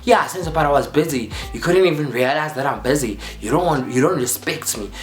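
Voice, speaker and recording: A man's voice: on the high side, expressive, a little fast. A young South African man vlogging a storytime, acting out quotes and repeating phrases for drama. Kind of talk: storytime vlog. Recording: roomy echo with faint music.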